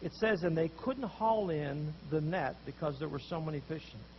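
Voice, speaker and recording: A man preaching a sermon, telling a story with animated voices for the people in it. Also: a little high, normal speed, highs cut off, slight background noise. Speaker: pastor.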